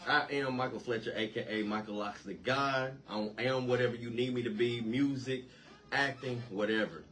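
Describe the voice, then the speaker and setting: A man's voice: mid-range voice, steady tone, moderate pace, a bit bright. A man in his thirties, a guest musician, telling his story in an easygoing, casual way. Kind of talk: casual interview talk.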